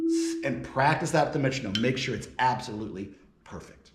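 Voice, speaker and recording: A man's voice: medium pitch, animated, a little fast, lo-fi sound, loud music behind the voice. A man giving a percussion lesson, explaining audition tips and counting rhythms aloud as he demonstrates. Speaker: percussion professor. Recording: roomy with loud marimba.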